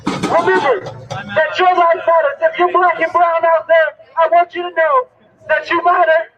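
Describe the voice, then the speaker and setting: A hoarse woman speaking at a rally, leading the crowd in call-and-response chants and shouting her lines. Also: very high-pitched, flat delivery, normal speed. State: hoarse, losing voice. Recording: muffled livestream with crowd and music. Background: crowd and music.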